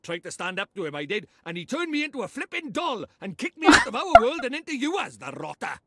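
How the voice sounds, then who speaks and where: A man's voice: very high-pitched, wildly swooping pitch, fast, a bit bright, heavily acted. An actor playing a boastful, chatty little male fairy lord with a lilting Welsh accent in a video game. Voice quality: lilting, brash and talkative. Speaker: game character.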